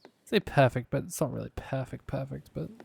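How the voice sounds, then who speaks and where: A man giving relaxed gameplay commentary, muttering to himself with dry, sarcastic asides. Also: medium pitch, fairly quick, vocal fry, slightly rough. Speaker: gaming YouTuber.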